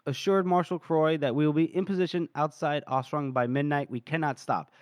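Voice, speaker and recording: A man voicing a rude, pompous older general who speaks slowly and dismissively. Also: fairly high pitch, steady tone, dry recording, studio quality, lightly acted.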